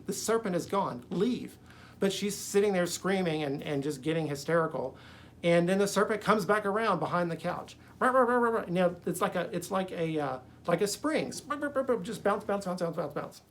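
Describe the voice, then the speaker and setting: A man's voice: fairly high pitch, slight background noise. A man casually retelling a dream in a rambling, conversational way, with lots of fillers and blunt swearing. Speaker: video creator recounting a dream.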